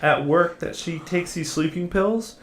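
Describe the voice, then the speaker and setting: A young man co-hosting a podcast in casual chat, chatty and excitable and swearing casually. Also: on the high side, unhurried, crowd noise. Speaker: podcast co-host.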